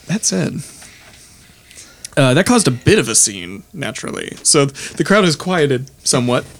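A man narrating as game master of a tabletop game, relaxed and halting with many fillers. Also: a little high.

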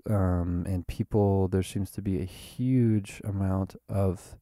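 A man's voice: fairly low pitch, mellow, no room sound, clean studio sound. A man hosting a rambling solo podcast while tipsy, playful and self-mocking, drifting into sing-song. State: tipsy from drinking. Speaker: podcast host. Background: faint looped guitar.

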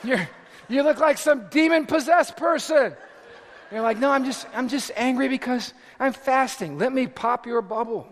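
Middle-aged male pastor, high tenor, animated sermon storyteller, reverberant hall sound. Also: gravelly. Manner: animated storytelling with shouted asides. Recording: echoey hall recording.

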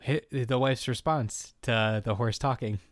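A man's voice: mid-range voice, steady tone, a little slow, no room sound, clean studio sound. A man co-hosting a casual comedy podcast, recapping an episode in a joking, laid-back way.

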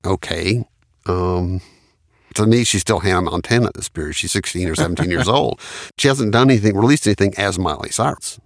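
Gravelly man telling studio stories. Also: deep voice, a little fast, dry recording. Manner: anecdotal, laughs often while recounting. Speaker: studio engineer and producer. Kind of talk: storytelling in an interview.

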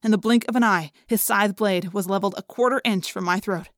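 A woman's voice: mid-range voice, brisk, dry recording, clean studio sound. Woman narrating a tense audiobook. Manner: tense first-person storytelling. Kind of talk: scripted narration.

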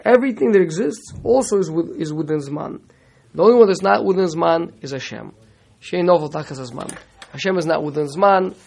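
Torah teacher, man, gravelly and slightly high voice, halting delivery with Hebrew phrases. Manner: halting, repeats words, mixes in Hebrew terms. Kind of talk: classroom Torah lesson.

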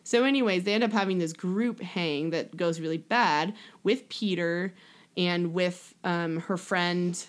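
A woman's voice: on the low side, a little slow. A woman in casual chat, recapping a movie in a rambling way, full of "like" and acted-out lines. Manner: rambling, lots of "like", acts out characters with laughs.

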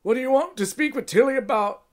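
Nervous middle-aged elf, higher voice, deferential, as a male host puts him on. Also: fast. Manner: anxious and deferential.

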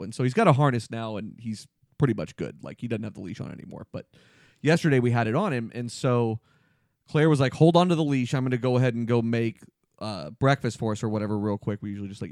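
A man on a podcast tells a story in animated, casual chat. His voice sits at a middle pitch for a man. The recording is dry and close to the mic. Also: dry recording. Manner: animated storyteller, says "dude". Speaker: podcast producer.

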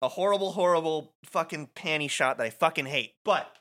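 Enthusiastic man with a bright voice. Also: a little high, fairly quick. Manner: enthusiastic, sweary, digressive. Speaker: podcast co-host. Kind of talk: casual chat about a video game.

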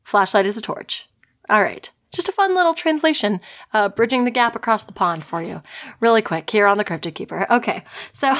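A woman's voice: on the high side, very animated, moderate pace, fairly bright tone. A young woman hosting a podcast, telling stories in a chatty, giggly, digressive way. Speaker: podcast host. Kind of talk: casual podcast storytelling.

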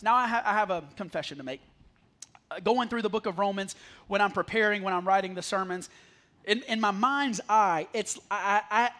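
Man, pastor, very high bright voice, chatty sermon style with jokes. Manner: conversational, self-deprecating humor with the congregation. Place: church sanctuary. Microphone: handheld or headset mic.

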